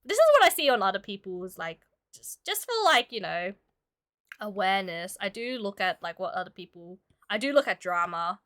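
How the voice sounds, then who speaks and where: A woman who streams and illustrates chats casually with her viewers while she draws, giggling and using lots of filler words. She's sick and coughs now and then. Her voice is medium-pitched, sing-song, and fairly bright, at a normal speed.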